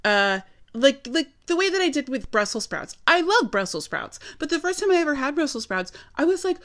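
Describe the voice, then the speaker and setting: A woman's voice: sits high, big pitch swings, brisk, fairly bright tone. A woman hosting a podcast in a casual monologue, playful and sarcastic with dramatic mock outrage. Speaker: podcast host.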